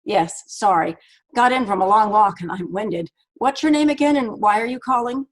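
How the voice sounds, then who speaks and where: A woman's voice: medium pitch, a little fast, close to an everyday voice. A woman voicing a weary, curt woman in a storybook reading, with clipped, dismissive replies.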